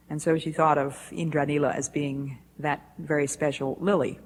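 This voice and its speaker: Woman with a lowish voice giving a devotional talk, slow and deliberate, echoey old hall recording. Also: level tone. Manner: measured, deliberate storytelling. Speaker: speaker at a Bible institute. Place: lecture hall. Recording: echoey hall with faint hiss, 1980s.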